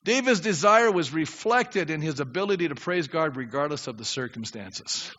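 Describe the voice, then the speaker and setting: An older male pastor preaches with a high, bright, sharp voice that leaps all over its range. He acts out prayers, drops low, then builds to shouts. The recording is dull and carries the long reverb of a church hall. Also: animated, moderate pace, slight background noise. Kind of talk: sermon. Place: church sanctuary.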